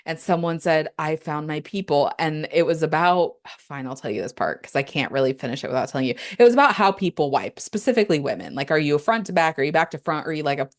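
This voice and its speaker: Woman, low voice, podcast host, casual, candid, playful asides. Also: lively intonation, fast talker, hardly any pauses. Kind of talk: casual solo podcast talk.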